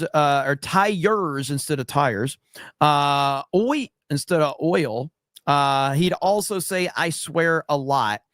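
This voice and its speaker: Foul-mouthed streamer man, fairly high voice. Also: no room sound, clean studio sound. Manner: blunt, swears freely, animated storytelling. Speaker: livestream host reacting to clips. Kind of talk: casual profane commentary and chat reading.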